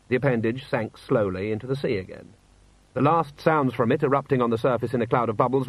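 A man reading a comic novel aloud as narrator, measured and dry. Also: mid-range voice, breathy edge, dry recording, low-quality recording. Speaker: audiobook narrator. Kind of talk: scripted narration.

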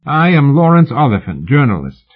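A smooth, courteous Victorian gentleman journalist, as a man reads him, mild and ingratiating in every phrase. The voice sits a bit lifted and husky, and the sound is thin and narrow like a phone line. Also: medium pitch, sing-song, normal speed, pitched above the performer's own voice. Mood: polite.

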